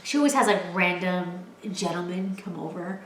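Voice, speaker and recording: A woman in her twenties telling stories from home in a casual chat, animated and laughing, with lots of filler "like". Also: on the low side, normal speed, a little hiss or hum. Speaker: vlogger, storyteller. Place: at home, in a room. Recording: roomy echo.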